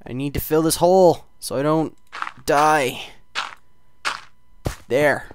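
A teenage boy casually commentating his own gameplay, rambling and self-deprecating, with sudden loud outbursts. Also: medium pitch, slow, pauses often, a little hiss or hum. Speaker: gaming channel host.

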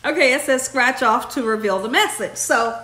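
Woman, vlog host, casual chat, effusive, slightly high voice. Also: normal speed, bright, forceful tone. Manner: effusive, chatty, addresses viewers directly.

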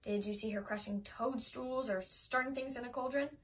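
A woman's voice: fairly high pitch, normal speed, lightly acted. A woman voicing a sensible teenage girl babysitter who talks in an earnest, reassuring way.

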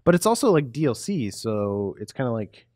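Animated man with a lively, swinging pitch. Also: moderate pace, no echo, clean studio sound. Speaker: guest panelist. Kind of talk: casual group discussion.

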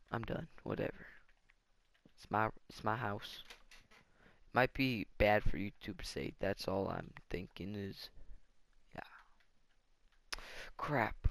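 A man with a low, gravelly voice talks his way through a building game in loose let's-play commentary. He rambles and thinks out loud as he goes. The sound is dry and close. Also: no room sound. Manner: rambling, thinks aloud while playing. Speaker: gaming channel host.

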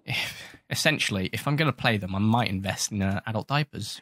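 A man talks over his gameplay in a loose, rambling way, cracking self-mocking jokes and telling off the sharks in his game. His voice sits fairly low, and the sound is dry and close with no room around it. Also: fairly quick, pushed and bright, no echo. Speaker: gaming channel host. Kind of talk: casual gameplay commentary.

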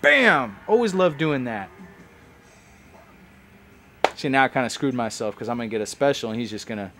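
A man giving casual, rambling commentary as he plays a game, chatting like a longtime fan. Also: on the high side. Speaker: let's play host.

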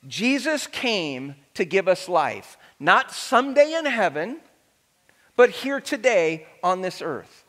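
A middle-aged male pastor preaching a sermon to his congregation, animated and joking, getting the crowd to respond. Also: high voice, slow pace. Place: large church hall. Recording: reverberant church hall.

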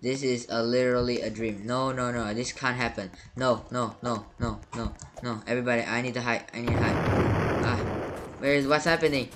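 A man's voice: medium pitch, steady tone, a little fast. Panicky, stammering gaming commentator man. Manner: panicky, stammering, repeats words over and over. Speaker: gaming YouTuber. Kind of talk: gameplay commentary.

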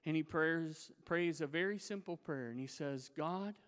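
A male pastor preaches in a church sanctuary, telling a Bible story with lively, dramatic flair. His voice is pitched high for a man and is smooth and resonant. A long reverb trails off the room. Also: moderate pace. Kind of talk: sermon.

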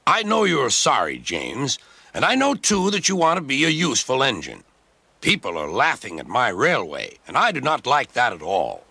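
A man voicing a kindly but firm railway boss who speaks in a measured, fatherly way. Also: mid-range voice, wildly swooping pitch, creaky, bright, forceful tone, slightly rough, no room sound, heavily acted.

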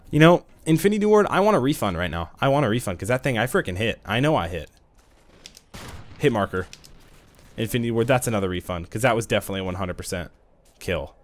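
Young male gamer host, excitable trash-talking live commentary over a headset, voice jumping between low mutters and yelps. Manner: excitable, hyped trash talk with sudden yells. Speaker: gaming channel host.

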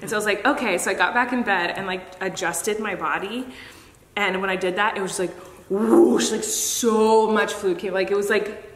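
Young woman host, bright and chatty, casual storyteller, recorded in an echoey room with a reverb tail. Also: mid-range voice, moderate pace. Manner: chatty, animated storytelling with many "like"s. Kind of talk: casual chat while eating.

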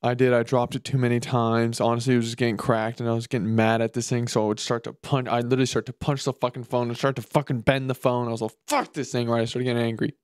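Man hosting a solo comedy podcast, crude and animated, dry recording. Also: medium pitch, fast talker, hardly any pauses, clean tone, no echo. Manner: profane, animated, mocking, puts on silly voices. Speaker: podcast host. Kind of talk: casual solo comedic rant.

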